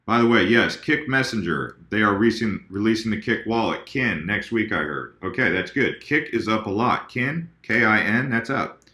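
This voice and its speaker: Male video host, casual and direct with viewers, bright tone, roomy echo. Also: lowish voice, expressive, normal speed, hardly any pauses. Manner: chatty, addresses viewers directly, self-corrects. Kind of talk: casual chart talk to viewers.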